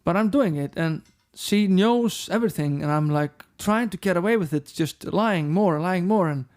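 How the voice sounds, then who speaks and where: Blunt, profane Icelandic rock singer. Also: male voice, high voice, moderate pace, darkish tone. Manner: frank and profane, acts out quoted dialogue. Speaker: rock band frontman, guest. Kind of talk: candid interview storytelling.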